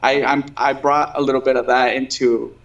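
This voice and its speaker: A man's voice: mid-range voice, little pitch movement, normal speed, vocal fry, a bit bright. A man in his thirties, a singer being interviewed, chatting casually with many fillers and restarts. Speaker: guest singer. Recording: dull lo-fi stream audio.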